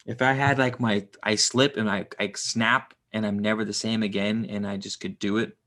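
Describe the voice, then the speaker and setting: A man's voice: lowish voice, level tone, normal speed, fairly bright tone. Casual rambling young guy reading aloud. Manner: rambling, swears casually, jokes aside between reading. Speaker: streamer reading aloud and reacting to chat. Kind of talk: casual live-stream reading and chat.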